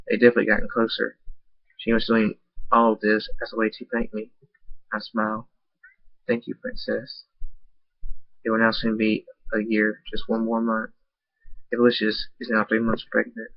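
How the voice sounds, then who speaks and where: Flat-voiced man reading a story. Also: lowish voice, no room sound. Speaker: fan fiction reader. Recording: dull lo-fi dry recording.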